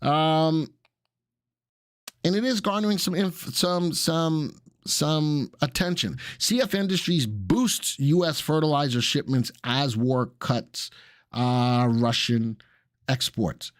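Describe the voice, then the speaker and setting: Heard in clean studio sound with no room noise, a slow-talking man with a slightly high voice and a Southern US accent runs a live stock analysis show. He goes through charts while chatting casually with his viewers.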